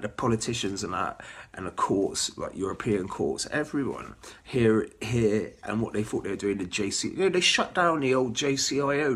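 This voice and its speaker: A man's voice: mid-range voice, a bit bright, breathy edge. A man, giving a rambling, ranting webcast monologue full of filler runs and chuckles. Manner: chuckles between phrases. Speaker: webcast host.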